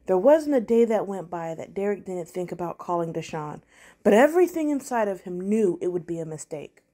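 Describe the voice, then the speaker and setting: A woman reading a Christmas story aloud at a church, calm and measured. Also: mid-range voice.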